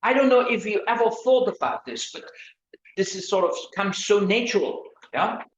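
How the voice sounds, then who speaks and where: This time the lecturer sounds animated, her mid-range voice at a moderate pace as she teaches academic writing online. She hesitates, restarts and repeats words, and puts questions to the audience, all in an echoey, dull lo-fi room sound.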